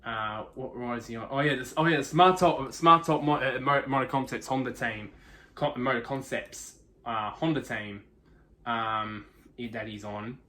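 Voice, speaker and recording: Bright-toned man rambling through a race review. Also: mid-range voice, normal speed. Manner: rambling, constant restarts and fillers. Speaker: motorsport video reviewer. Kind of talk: casual race review monologue.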